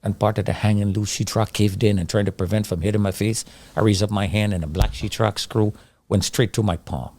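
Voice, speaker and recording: A middle-aged man giving an intense personal testimony of surviving a disaster, acting out his own pleas and the shouts he heard. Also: lowish voice, fairly even intonation, a little fast. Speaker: survivor telling his story.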